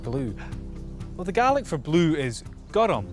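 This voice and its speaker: A young man with a fairly high voice presents to camera with jokey, punning energy. He teaches words as he goes, and a clear music bed plays underneath him. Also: big pitch swings, measured pace.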